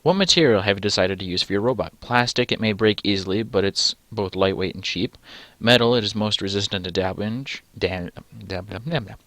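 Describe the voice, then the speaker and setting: A man's voice: on the low side, a little fast, fairly bright tone, no echo. A man reading a text adventure game aloud and adding dry, sarcastic asides. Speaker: let's play gamer.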